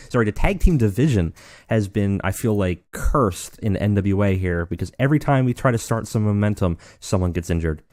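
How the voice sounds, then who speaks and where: A man hosting a let's play, narrating and commenting on a wrestling booking game in a relaxed, rambling way full of fillers. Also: fairly low pitch, no room sound, clean studio sound.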